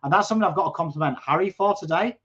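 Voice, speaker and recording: A man's voice: a little high, very fast. An English man with a coarse accent, hosting a live football watchalong, chatting and reacting to play. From England. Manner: chatty, excitable, swears, bursts into shouts at play. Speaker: watchalong host. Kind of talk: live football watchalong chat, reading viewer comments. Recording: dull lo-fi stream audio.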